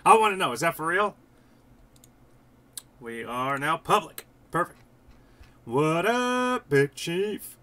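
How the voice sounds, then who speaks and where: A young man hosts a sports livestream in a chatty, upbeat way, stopping and restarting his sentences as he talks. His voice is bright and forceful and sits a bit high for a man. It sounds like he is talking into a computer mic. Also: lively intonation, slow pace, pauses often. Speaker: host and site editor. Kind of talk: casual livestream sports talk.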